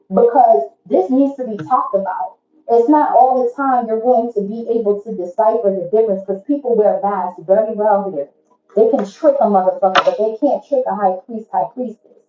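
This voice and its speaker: A woman's voice: fairly high pitch, warm tone, reverberant, lo-fi sound. A woman giving a casual tarot reading to viewers, blunt, profane and preachy in an emphatic way. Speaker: tarot reader.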